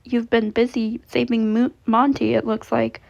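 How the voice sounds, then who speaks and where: A woman's voice: fairly high pitch, level tone, normal speed, creaky, darkish tone. A woman voicing a kind, fatherly male animatronic bear in a caring tone, in a dull lo-fi recording.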